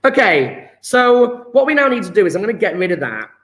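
A man's voice: sits high, very animated, a little fast, a bit bright. A man teaching a live online chemistry lesson, chatty and encouraging, quizzing students by name. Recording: echoey room.

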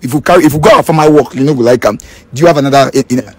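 A man's voice: medium pitch, racing, no echo. A Nigerian man hosting a casual vlog, joking and teasing, slipping into Pidgin. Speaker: vlogger.

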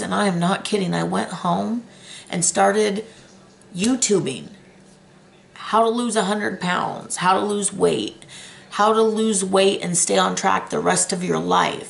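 Candid woman with a gravelly voice. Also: medium pitch. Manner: emotional, candid, chatty. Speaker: weight loss vlogger. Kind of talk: personal story vlog.

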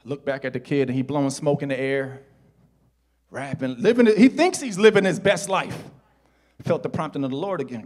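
A middle-aged male pastor preaching a sermon in a church, telling a personal story that swings from hushed retelling to shouted preaching. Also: medium pitch, animated, brisk.

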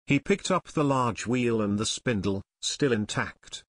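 A man narrating an audiobook in a steady, even storytelling manner. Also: mid-range voice, a little slow. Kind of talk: scripted narration.

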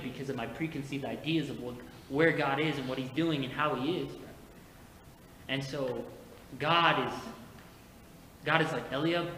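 A man preaching a sermon as pastor, moving from quiet personal storytelling to emphatic preaching. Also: mid-range voice. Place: church sanctuary. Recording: echoey church hall with faint noise.

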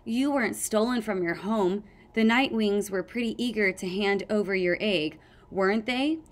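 A woman voicing a sarcastic, sharp-tongued young female dragon who snaps and mutters, in a storybook reading. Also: medium pitch, moderate pace, close to an everyday voice. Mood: snapping. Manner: snappy, sarcastic.

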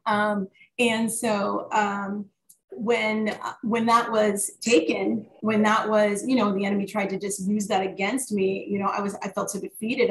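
A woman author and pastor sharing her story in an interview, animated and full of fillers and restarts. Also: medium pitch, unhurried. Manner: animated, many fillers and restarts, warm testimony. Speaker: author guest; worship leader and pastor. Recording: echoey room with faint noise.

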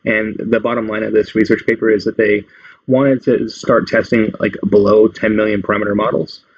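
A man's voice: fairly low pitch, little pitch movement, a little fast, slightly rough, no room sound. A man hosting a casual tech tutorial, explaining things in a loose, meandering way. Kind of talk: casual screen-recorded tutorial. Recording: dull lo-fi dry sound.

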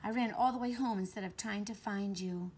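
A woman reading aloud, voicing a young boy who speaks sadly and quietly in a children's storybook. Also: mid-range voice, a little fast, slightly rough, close to an everyday voice. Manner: sad and quiet.

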